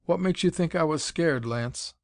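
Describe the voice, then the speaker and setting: Brief: man playing a secretive pilot, flat, unmoved, clipped. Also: moderate pace, no room sound, studio quality, natural voice. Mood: cold. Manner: low, flat and emotionless. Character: cool, secretive pilot, emotionless.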